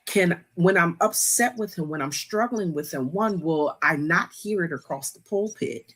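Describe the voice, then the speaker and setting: Husky-voiced woman counselor asking thoughtful questions. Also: fairly low pitch, expressive, normal speed, a bit bright. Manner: affirming with frequent mm-hmms, then thoughtful questions. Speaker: guest counselor. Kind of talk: conversational interview.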